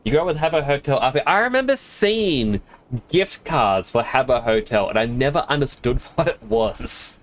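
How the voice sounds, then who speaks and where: A man's voice: mid-range voice, expressive, moderate pace. A man streaming a game, chatting casually in a rambling, self-amused way. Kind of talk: casual chat while gaming.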